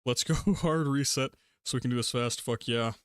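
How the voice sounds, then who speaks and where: A young man streaming a game, chatting casually in a rambling, relaxed way and laughing often between thoughts. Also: mid-range voice, moderate pace, clear, resonant tone, no echo, clean studio sound. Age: young adult. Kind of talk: casual gaming livestream chat.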